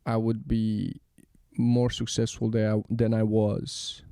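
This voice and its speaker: A man's voice: on the low side, completely flat delivery, slow pace, creaky, warm tone, clear, resonant tone, no room sound, clean studio sound. A man, not a native English speaker, chatting animatedly on a podcast about his dancing career and often repeating "yeah, yeah, yeah". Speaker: ballroom dancer. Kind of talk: casual podcast conversation.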